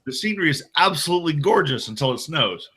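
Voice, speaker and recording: American man, bright tense voice, rambling, stammering, casual chat. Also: fairly high pitch, very animated, fast talker, breathy edge. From United States.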